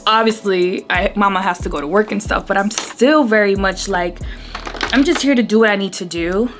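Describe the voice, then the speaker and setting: A woman's voice: mid-range voice, normal speed, over music. A woman in her thirties talking casually to camera as a beauty vlogger, rambling and getting emotional as she goes. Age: 30s. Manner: chatty, rambling, easily emotional. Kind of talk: casual chat to camera while doing makeup.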